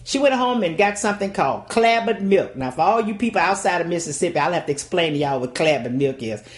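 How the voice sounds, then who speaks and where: Older Southern woman, lively storyteller. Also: on the low side, quick pace, slight background noise. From Louisiana, USA. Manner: folksy, dramatic delivery with acted-out voices. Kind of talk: oral storytelling.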